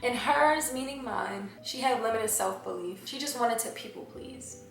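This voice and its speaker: This vlogger, a young woman from Washington, D.C., shares her testimony to camera with confessional candor and emotion. Her voice is fairly high, gravelly and fairly bright at a normal speed, with a little hiss or hum. Faint music, heavy room echo and distance from the mic mark the recording.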